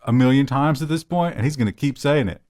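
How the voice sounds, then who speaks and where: A man's voice: medium pitch, quick pace, darkish tone. A man co-hosting a casual tech news show, making wry, joking asides.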